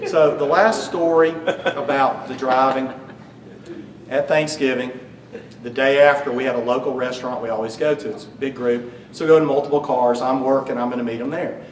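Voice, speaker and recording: A middle-aged man delivers a eulogy for his father in a memorial service hall, sharing funny stories and joking warmly with the crowd. His mid-range voice keeps a fairly even intonation at normal speed. The recording is distant and echoey, with a faint hum.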